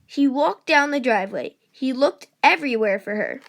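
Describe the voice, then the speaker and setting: A woman reading a children's picture book aloud, slow, gentle and expressive. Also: high voice, creaky. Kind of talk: read-aloud storybook narration.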